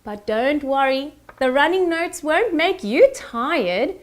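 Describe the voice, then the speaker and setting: A cheerful young woman leads a children's recorder lesson in a high, bright voice. Her pitch swoops up and down with lively melody, and she takes her time over each phrase. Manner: cheerful, sing-song, speaks slowly to children. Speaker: music teacher.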